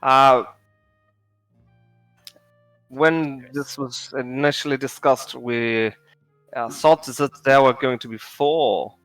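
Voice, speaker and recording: A man voicing a fussy male wagon master with a German accent, halting and full of ums, in a tabletop game. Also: mid-range voice, steady tone, a bit bright, no echo, soft background music, poor audio. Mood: apologetic. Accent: German put-on accent. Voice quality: halting, many ums and uhs.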